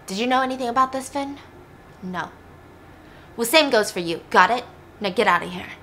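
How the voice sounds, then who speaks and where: A woman voicing an angry, drunk, abusive father who shouts threats and swears. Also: fairly high pitch, animated, normal speed, slight background noise. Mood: stern.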